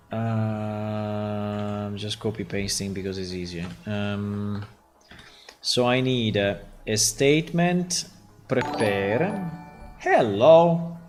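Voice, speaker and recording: A game developer with an Italian accent and a fairly low voice thinks aloud while coding on a live stream, repeatedly checking in with "right?"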